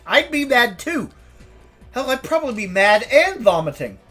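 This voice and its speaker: A woman's voice: fairly high pitch, sing-song, normal speed, fairly bright tone, soft background music. A woman streamer chatting casually, ranting and swearing with frequent laughter.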